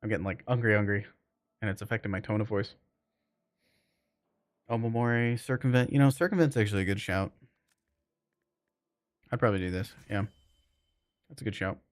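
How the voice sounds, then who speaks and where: Low-voiced man rambling on a stream. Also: moderate pace, pauses often, dry recording, studio quality. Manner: loose, rambling, lots of fillers. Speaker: game streamer. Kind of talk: casual live-stream chat with viewers.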